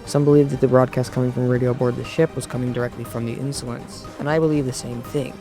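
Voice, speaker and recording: A man giving a measured, explanatory scripted narration for an online video essay, recorded close to a mic. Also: mid-range voice, little pitch movement. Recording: voice-over with faint background music.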